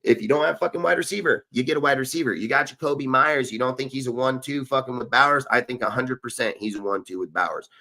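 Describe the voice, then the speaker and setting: A man's voice: medium pitch, quick pace, hardly any pauses, bright, forceful tone. Fired-up profane man in a sports rant. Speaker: podcast host. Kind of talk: heated sports talk rant.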